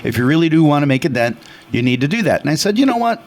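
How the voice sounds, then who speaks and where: Loud, animated man from Chicago. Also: on the high side, very fast. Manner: passionate, retells dialogue with acted voices. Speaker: radio co-host. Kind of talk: casual radio storytelling.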